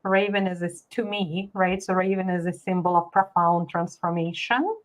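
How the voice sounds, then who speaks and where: A woman's voice: fairly low pitch, steady tone, moderate pace, low-quality recording. A woman joining a live tarot stream as a guest, thoughtfully explaining what she picks up from her cards. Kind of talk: casual live chat.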